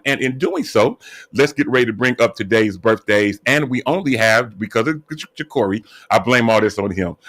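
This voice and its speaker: A man hosting an online radio talk show, chatty and upbeat, giving shout-outs to guests and listeners. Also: mid-range voice. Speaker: host.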